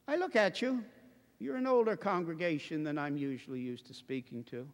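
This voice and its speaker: A man preaching a sermon to a congregation in an impassioned, emphatic way, building to forceful declamation. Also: sits high, moderate pace. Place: church before a congregation. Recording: long reverberant hall.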